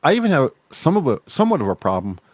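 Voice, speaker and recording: A man's voice: a little high, wildly swooping pitch, quick pace, a little mellow, no echo. A man co-hosting a podcast in casual chat, rambling and blunt, swearing freely. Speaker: podcast co-host.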